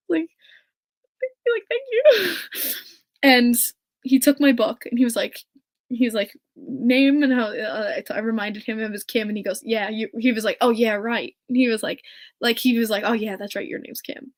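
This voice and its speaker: Woman host, solo podcast, a touch high-pitched, giddy and gushing, laughs a lot. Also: fairly quick. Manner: gushing, excitable, laughs often. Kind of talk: casual solo podcast chat.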